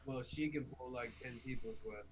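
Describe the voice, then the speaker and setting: A man's voice: mid-range voice, moderate pace, slight background noise. A man playing a tabletop game, chatty and joking. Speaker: player. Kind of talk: casual chat.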